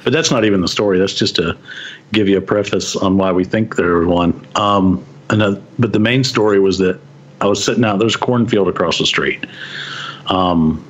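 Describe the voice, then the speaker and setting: A man's voice: deep voice, moderate pace, husky, highs cut off. A man from West Texas, a podcast guest telling stories in casual chat and chuckling often as he goes. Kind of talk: casual storytelling.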